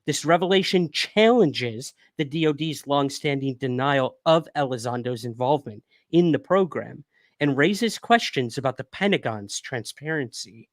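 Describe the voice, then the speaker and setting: He's a young adult livestream host with a medium-pitched, expressive voice at a moderate pace, recorded without room sound. Tipsy from whiskey, he hiccups slightly while reading news articles aloud and chatting casually with viewers.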